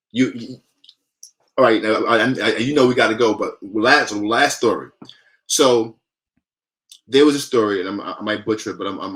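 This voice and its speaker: A man guesting on a podcast, telling a story in an animated, lively way. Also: lowish voice. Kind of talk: conversational storytelling.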